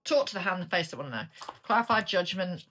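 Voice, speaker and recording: A woman's voice: fairly low pitch, expressive, quick pace, pushed and bright, slight background noise. A woman with a British accent giving a casual, chatty tarot reading, blunt and sweary as she turns the cards. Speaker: tarot reader.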